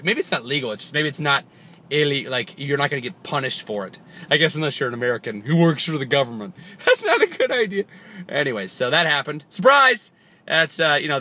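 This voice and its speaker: A young man rambling through a comedic vlog, often jumping into sudden high squeaks and silly voices. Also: bright, forceful tone. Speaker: vlogger.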